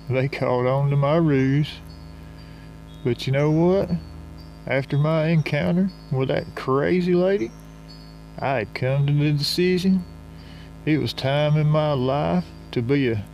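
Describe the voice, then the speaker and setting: A man narrating a comic story in folksy rural slang, drawling and unhurried. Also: fairly high pitch, darkish tone.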